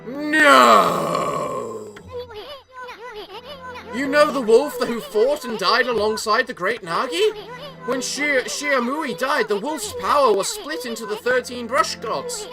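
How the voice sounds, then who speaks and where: A woman's voice: fairly high pitch, big pitch swings, takes it slowly, vocal fry, exaggerated voice. Woman reading a cheeky cocky little companion. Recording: game music behind.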